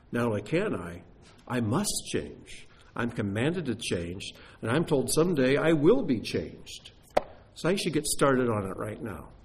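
A man's voice: medium pitch, darkish tone, slightly rough. A man preaching a sermon, emphatic, often repeating key phrases and putting questions to his listeners.

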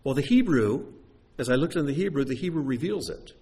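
A man preaching a sermon to his congregation, animated and talking straight to them with questions. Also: medium pitch, fairly quick. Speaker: pastor. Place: sanctuary before a congregation.

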